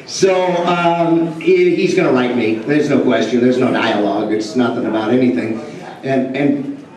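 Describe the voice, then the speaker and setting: A man telling a rambling, animated story to a convention audience, acting out the dialogue. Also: mid-range voice, slow pace. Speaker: convention panel guest. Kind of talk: storytelling anecdote to a live audience. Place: large convention hall. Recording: echoey hall, mic heard from far off. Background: audience laughing.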